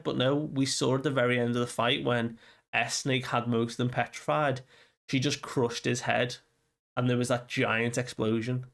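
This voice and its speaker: Young male reviewer, mid pitch, loose chatty recap full of fillers. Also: level tone, normal speed, gravelly, a bit bright. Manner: rambling, loosely quotes characters with fillers like "you know". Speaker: manga reviewer. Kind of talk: casual recap commentary.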